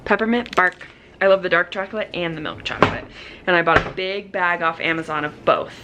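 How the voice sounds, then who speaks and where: A woman's voice: fairly low pitch, fairly quick, very noisy. A young woman vlogging casually, rambling about her day with lots of fillers. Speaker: vlogger and teacher. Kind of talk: casual vlog chat.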